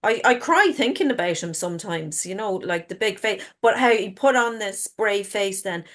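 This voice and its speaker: A woman's voice: medium pitch, lively intonation, normal speed. A middle-aged woman, a guest author telling stories frankly in casual chat and swearing freely. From Ireland.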